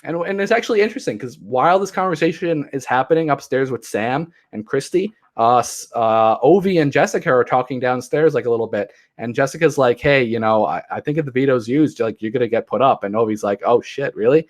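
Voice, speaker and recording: A young man talks into a handheld mic, recapping with a loose, rambling delivery. He turns exasperated and sarcastic at times, and his pitch sits in an ordinary middle range. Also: a little fast, few pauses. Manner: rambling, exasperated, mocking impressions. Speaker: podcast host. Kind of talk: casual recap commentary. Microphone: handheld podcast mic.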